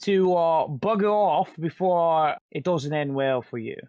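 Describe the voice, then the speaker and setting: A man's voice: on the high side, unhurried, a little mellow, no echo, clean studio sound, close to an everyday voice. Brash taunting adventurer, put on by a male player, tabletop game. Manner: taunting, bravado. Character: cocky male British-sounding adventurer.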